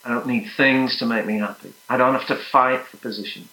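A man's voice: medium pitch, fairly even intonation, a little fast. Earnest male preacher in echoey hall. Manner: earnest, rising to emphatic peaks then dropping to soft prayer. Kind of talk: sermon.

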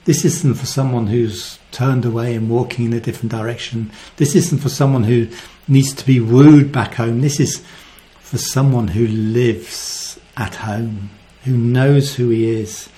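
A man preaching a sermon, earnest and reflective, often dropping to a soft voice. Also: medium pitch, steady tone, unhurried, few pauses.

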